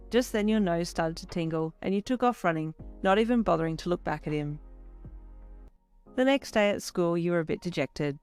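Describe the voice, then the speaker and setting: A woman narrating a second-person fanfiction story in a steady storytelling manner. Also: on the low side, a little fast, clean tone, soft background music. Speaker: fanfiction reader.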